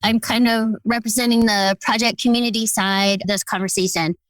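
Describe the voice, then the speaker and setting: A woman's voice: on the high side, fairly even intonation, fairly quick, no echo, low-quality recording. A woman guest on a podcast, introducing herself in an upbeat, direct way.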